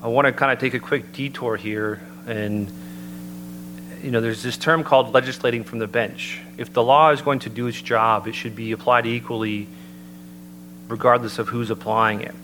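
A man giving an earnest, measured sermon-style talk and citing scripture as he builds his points. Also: medium pitch, fairly even intonation, low-quality recording. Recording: noticeable background hum.

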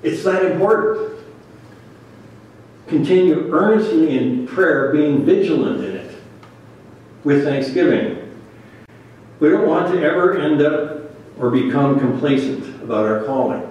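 A man's voice: a little high, lively intonation, unhurried, pauses often, a little mellow, dull audio. A man preaching a sermon, reading scripture aloud and then commenting on it earnestly. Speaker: pastor. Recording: very echoey room, voice from a distance.

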